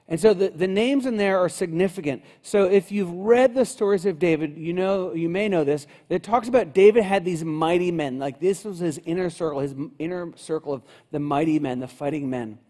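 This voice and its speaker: A man's voice: on the high side, mellow. A man preaching a sermon in a conversational way, acting out lines of the story as he goes. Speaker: pastor.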